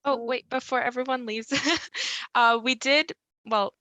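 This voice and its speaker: A woman's voice: high voice, steady tone, takes it slowly, sharp tone, no echo. A young woman student presenter, friendly and giggly as she adds a last note for the audience. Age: young adult. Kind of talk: casual presentation.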